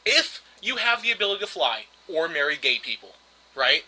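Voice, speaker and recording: A man's voice: fairly high pitch, big pitch swings, a little fast, bright, forceful tone, breathy edge. A man co-hosting a casual podcast, exasperated and insistent, repeating his point. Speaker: podcast co-host. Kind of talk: casual argumentative podcast chat.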